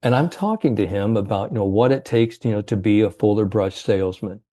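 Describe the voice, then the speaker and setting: A man's voice: on the low side, a little fast, warm tone. A man telling a motivational story as a guest coach, earnest and rallying, with many fillers. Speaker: confidence and mindset coach, guest.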